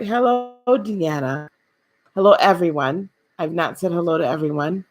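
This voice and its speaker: A woman hosting a live spiritual talk, speaking gently and repeating phrases for emphasis, addressing her viewers as beloved. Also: lowish voice, moderate pace. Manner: speaks directly to viewers, calls them beloved.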